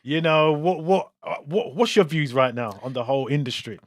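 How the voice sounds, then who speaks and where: A man's voice: fairly high pitch, normal speed, dry recording, studio quality. A man hosting a radio show as a DJ, interviewing a guest with enthusiasm and hyping her up. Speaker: radio DJ and host.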